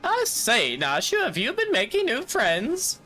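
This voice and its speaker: A man voicing a prim, fussy elderly gentleman who speaks in formal, old-fashioned phrases. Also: extremely high pitch, wildly swooping pitch, measured pace, faint music behind, voice pushed up, exaggerated voice. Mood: curious.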